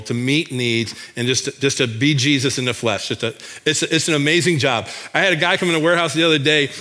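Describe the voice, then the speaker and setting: A missionary from Michigan, USA, tells a church congregation about his work, enthusiastic and folksy, often restarting his sentences. His mid-range voice has a sharp tone.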